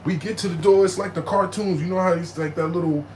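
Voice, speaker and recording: A man telling a story in animated, slangy street talk, jumping into loud, high bursts when he acts out quotes. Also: quick pace, slight background noise, low-quality recording. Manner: profane, slangy.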